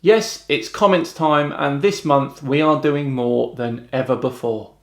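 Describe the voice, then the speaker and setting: A man's voice: mid-range voice, measured pace. Dry, mocking British man, roomy echo. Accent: British English. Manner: dry, mocking, deadpan retorts. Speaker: host. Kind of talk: sardonic comment reading.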